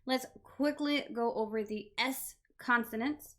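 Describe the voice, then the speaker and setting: A woman gives a casual online language lesson in a slightly high, bright voice. She speaks slowly and patiently, pausing often to ask "right?" to keep her learners with her. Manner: patient, reassuring explanations with frequent "right?" checks. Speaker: language teacher.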